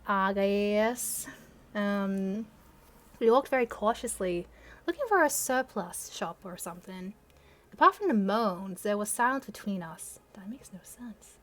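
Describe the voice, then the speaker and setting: A young woman, a channel host, reads her teenage fan fiction aloud in a mid-range voice with lively intonation, going a little slowly. She mocks it with sarcastic, self-deprecating asides and laughs often.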